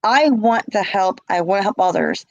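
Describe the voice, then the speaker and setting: An animated middle-aged woman, interviewed about a personal matter, speaks at a moderate pace in a mid-range voice. Her emotional account is impassioned and repetitive, with quoted calls acted out. The recording sounds muffled but has no echo.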